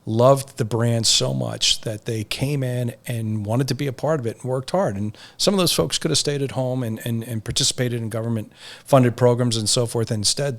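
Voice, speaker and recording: A man, a company chief executive, answering interview questions in an upbeat, assured way. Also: mid-range voice. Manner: upbeat, assured, steady explanation. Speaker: company CEO guest.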